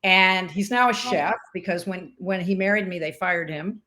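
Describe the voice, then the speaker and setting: Fairly low in pitch and moderate in pace, the voice belongs to an older woman, a former sportscaster and umpire. She tells stories in an informal interview, animatedly acting out what was said.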